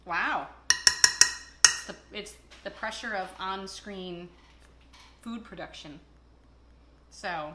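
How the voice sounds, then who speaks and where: A woman's voice: mid-range voice, unhurried, long pauses, very noisy. A woman hosting a casual cooking video, chatting and joking and telling stories as she cooks. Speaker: cooking show host. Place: kitchen. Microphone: camera across the kitchen. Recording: echoey kitchen with cooking clatter. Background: clattering dishes and cutlery.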